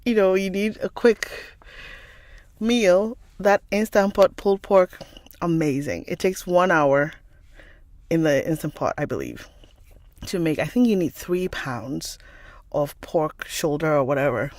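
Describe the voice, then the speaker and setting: A woman's voice: lowish voice, animated, measured pace, darkish tone, no room sound. A woman hosting a book channel, telling a long rambling story in casual chat, laughing often.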